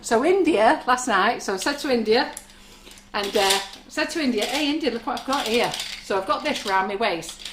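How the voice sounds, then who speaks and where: A middle-aged woman runs a live demo from her shop kitchen, rambling cheerfully into long stories. Her voice sits slightly high, with faint noise in the background. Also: animated, moderate pace. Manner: chatty, rambling, storytelling. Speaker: baking shop owner presenting products. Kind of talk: live stream product demo chat.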